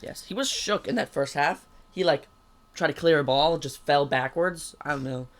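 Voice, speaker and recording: A man's voice: fairly high pitch, moderate pace, a bit bright. Eager, rambling man co-hosting a sports podcast. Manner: eager, rambling fan talk. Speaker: podcast co-host. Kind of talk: casual sports podcast chat.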